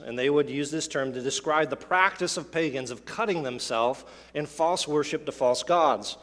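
A man's voice: a little high, fairly bright tone, big-room sound. A man preaching a sermon as pastor, earnest and emphatic, repeating key phrases for force. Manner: earnest, builds to emphatic repetition.

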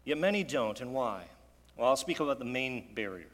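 A man's voice: medium pitch, animated, moderate pace, a bit bright, in a large hall. A man preaching a sermon in an earnest, conversational way, often asking his listeners rhetorical questions. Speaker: pastor.

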